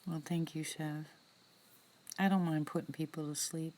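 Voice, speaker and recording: A woman hosting a casual live-stream chat with viewers from outdoors in the woods at night. She talks softly into a phone, often slipping into whispers, chatty and heartfelt. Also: sits low, steady tone, normal speed. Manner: soft-spoken, drops into whispers, chatty and heartfelt.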